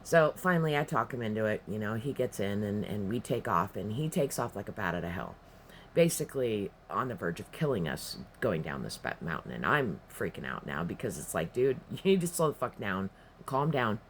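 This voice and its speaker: Lowish-voiced man telling a profane story. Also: very animated, brisk, a bit bright, slight background noise. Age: adult, past his teens. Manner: rambling, profane, emphatic. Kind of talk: casual spoken storytelling.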